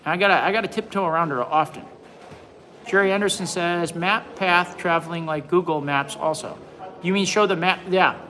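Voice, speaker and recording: 40s guy on a livestream chatting comments, pretty high voice, keeps restarting his sentences. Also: normal speed, bright, forceful tone, a little hiss or hum, poor audio. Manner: rambling, repeats words, many restarts. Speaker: livestream host. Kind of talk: casual live chat reading comments.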